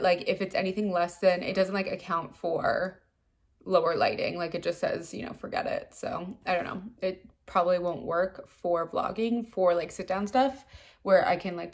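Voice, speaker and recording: A woman's voice: fairly low pitch, steady tone, moderate pace. Chatty young woman vlogging on her phone. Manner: chatty, rambling, lots of "like". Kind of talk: casual vlog chat. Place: home, then in a car. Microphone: phone camera.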